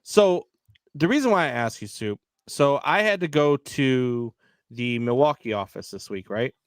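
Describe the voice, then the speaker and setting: A man co-hosting a live sports talk show, telling stories in a lively, filler-heavy way. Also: mid-range voice, unhurried, no echo, studio quality. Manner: animated storyteller, many fillers. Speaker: podcast co-host. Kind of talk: casual live sports chat.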